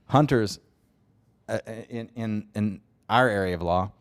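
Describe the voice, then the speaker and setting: Podcast guest: male law firm owner, smooth lower voice, relaxed storytelling. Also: unhurried. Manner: chatty, acts out quoted remarks. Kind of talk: casual podcast conversation.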